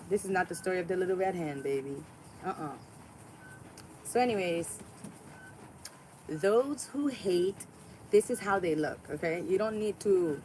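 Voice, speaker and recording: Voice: mid-range voice, noisy background. Emphatic, sassy spiritual vlogger. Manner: emphatic, repeats lines for effect; sassy asides like "baby" and "uh-uh". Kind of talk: motivational spiritual monologue.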